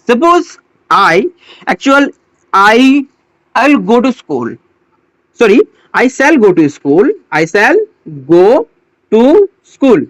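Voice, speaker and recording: Slow, halting grammar teacher. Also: mid-range voice, big pitch swings, no echo. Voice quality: non-native English phrasing. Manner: halting, repeats words and restarts often. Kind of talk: slow explanatory grammar lesson.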